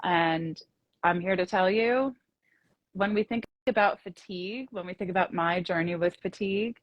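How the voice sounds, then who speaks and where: A woman's voice: fairly low pitch, normal speed, no echo, lo-fi sound. Encouraging woman, dry close sound. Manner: encouraging, motivational, uses metaphors. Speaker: co-host. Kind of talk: spiritual casual chat.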